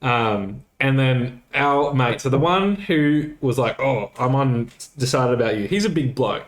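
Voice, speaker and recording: A man co-hosting a podcast, retelling a night out in a loose, swearing, animated way with quoted dialogue. His voice sits at an ordinary middle pitch. The room around him rings with a noticeable echo. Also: a little slow. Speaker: podcast co-host. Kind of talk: casual storytelling chat. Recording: roomy echo.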